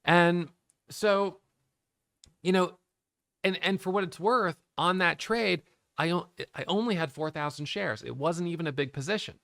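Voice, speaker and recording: A man's voice: high voice, unhurried, gravelly, a bit bright, dry recording, studio quality. A middle-aged man, a day trading educator, candidly thinking aloud about his trades, questioning himself and restarting sentences. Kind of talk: reflective trading recap to camera.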